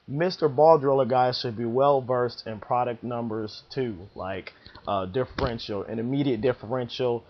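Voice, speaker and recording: A man giving casual advice in a slangy, emphatic, laid-back way, on a dull lo-fi recording. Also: mid-range voice. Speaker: bowling vlogger.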